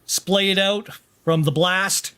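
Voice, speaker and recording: A man narrating a sci-fi tabletop game as game master, describing the scene in a slow, drawn-out way. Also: sits high, fairly even intonation, sharp tone, clean tone.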